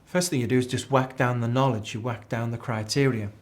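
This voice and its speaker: A man's voice: mid-range voice, fairly even intonation, a little fast. A man teaching an accounting exam class, chatty and repeating key phrases as a drill. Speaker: accounting tutor. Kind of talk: live exam tuition lecture.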